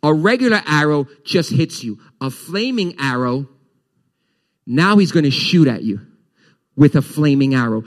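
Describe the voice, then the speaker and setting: A male pastor preaching a sermon to his congregation, animated, his voice rising and dropping as he explains scripture. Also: mid-range voice, moderate pace. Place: church.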